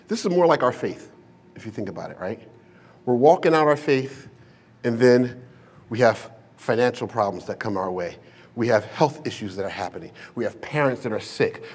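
Husky-voiced pastor preaching a casual sermon. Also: male voice, mid-range voice, darkish tone. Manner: casual, humorous storytelling with slang and rhetorical questions. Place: church sanctuary with a live congregation.

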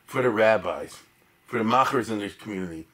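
Animated man giving a chatty lecture. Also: lowish voice, brisk. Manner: animated and emphatic, with chatty asides to the audience. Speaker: lecturer on history. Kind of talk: informal storytelling lecture.

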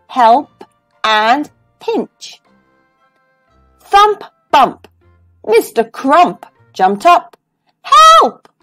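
A woman's voice: on the high side, dry recording. A woman reading a children's phonics storybook aloud in a sing-song storytelling way. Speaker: storybook reader.

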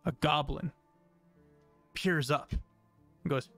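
A man narrating a tabletop game as game master, unhurried, with fillers. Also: fairly high pitch, fairly bright tone, soft background music.

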